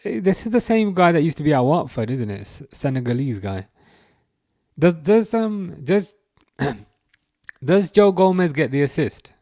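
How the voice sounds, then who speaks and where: Excitable man hosting a live watchalong. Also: fairly high pitch, a little slow, no echo, clean studio sound. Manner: excitable, laughing, stumbling restarts. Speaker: livestream host reading chat. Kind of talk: casual live football watchalong chat.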